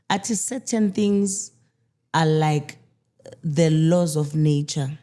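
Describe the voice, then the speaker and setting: Woman, low, mellow voice; grieving mother in interview, candid and halting. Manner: candid, halting, with restarts and quoted dialogue. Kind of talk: emotional personal storytelling.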